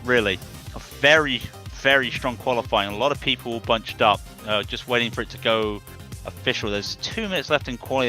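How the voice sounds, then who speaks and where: Bright-voiced jokey race commentator man. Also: mid-range voice. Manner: chatty, jokey, laughs easily. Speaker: sim racing commentator.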